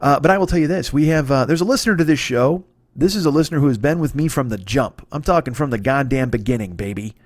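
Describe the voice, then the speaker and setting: Comedian guy rambling through his podcast plugs, swears a lot, talks fast, dry close mic. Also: medium pitch, dry recording. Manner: profane, rambling, playful. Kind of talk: casual monologue and ad read.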